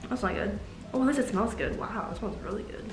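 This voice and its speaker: A young woman chatting casually to camera as a vlogger. She is excitable, says "like" a lot and swears casually. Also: medium pitch, fast talker. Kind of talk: casual vlog chat to camera. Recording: roomy echo with faint music behind.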